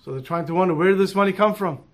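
A man telling a moral story in an animated way, dropping in Hebrew and Yiddish terms. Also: sits high, racing.

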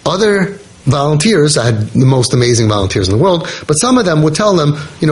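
A man's voice: on the high side, big pitch swings, fairly quick, a little hiss or hum, low-quality recording. A man hosting a parenting podcast, telling a true story in an earnest, casual way and repeating key points for emphasis.

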